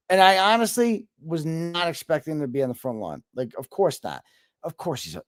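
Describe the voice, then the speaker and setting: A guest on a casual video call tells an animated story packed with swearing. His voice is fairly high at a normal speed, with studio-quality sound and no echo.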